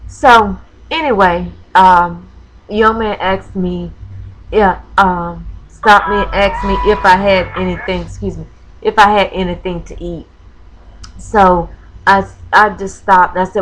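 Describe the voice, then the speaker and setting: On poor audio, a female crafting vlogger from Florida slowly shares a personal story, her mid-range voice fairly even in intonation. She's hesitant, correcting herself and saying um a lot, and sounds on the verge of tears.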